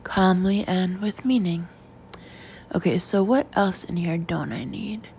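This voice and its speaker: A woman's voice: lowish voice, unhurried, darkish tone, muffled recording, slight background noise. A woman voicing an impulsive woman shopper who speaks emphatically and enthusiastically. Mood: emphatic.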